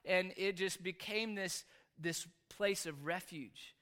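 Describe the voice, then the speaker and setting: A man's voice: sits high, takes it slowly, pushed and bright. A man preaching a sermon, telling a personal story in an earnest, confessional way.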